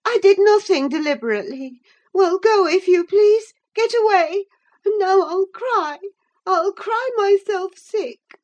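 A woman voicing a hot-tempered, passionate young woman in an audiobook reading, with loud, shrill outbursts. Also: animated, measured pace, dull audio. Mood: furious.

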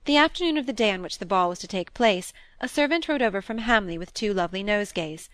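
A woman's voice: medium pitch, lively intonation, fast talker, hardly any pauses, a bit bright, no echo. Woman narrating a classic novel, dry. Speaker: audiobook narrator.

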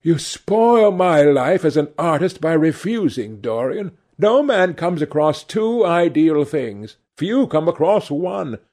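A man's voice: fairly high pitch, big pitch swings, takes it slowly, hardly any pauses, a little mellow, exaggerated voice. A man reading aloud and voicing an earnest, devoted male painter who pleads with his friend. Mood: earnest, pleading.

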